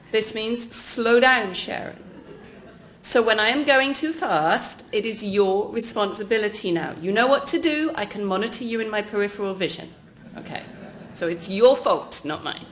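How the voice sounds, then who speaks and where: An English woman delivers a keynote lecture. She is lively and jokey, and she keeps turning to the audience and talking to them directly. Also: a little high, slight background noise. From England. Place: lecture hall.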